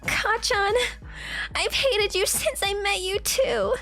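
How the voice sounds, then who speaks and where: A woman playing a young male vampire, earnest and lovesick, who pleads and half-sobs through his lines. The pitch sits high, and soft music plays quietly behind. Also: normal speed. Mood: pleading. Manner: sobbing, laughing through tears.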